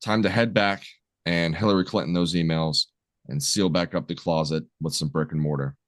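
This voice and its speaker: A man's voice: low-pitched, steady tone, normal speed, fairly bright tone, no room sound, studio quality. A man co-hosting a podcast, summarizing a horror movie plot in casual chat with jokey asides. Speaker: podcast co-host.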